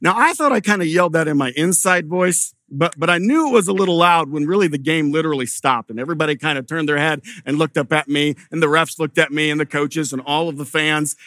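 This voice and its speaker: A man's voice: a little high, fast talker, hardly any pauses, sharp tone, no room sound, clean studio sound. A middle-aged male pastor preaching a sermon in a conversational way, telling stories and often restarting his sentences.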